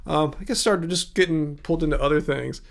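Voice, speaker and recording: A man's voice: on the high side, brisk, vocal fry. A man in his fifties hosting a casual livestream. He chats in a rambling way, reads viewer comments aloud and thanks viewers by name. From California. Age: 50s. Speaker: livestream host.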